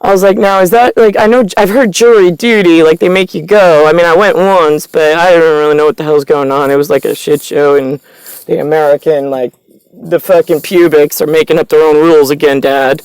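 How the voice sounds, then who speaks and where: A woman's voice: sits low, steady tone, brisk, darkish tone, clean tone, no room sound, low-quality recording. A woman vlogging straight to camera in a meandering, profane, stream-of-consciousness monologue. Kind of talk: rambling direct-to-camera monologue.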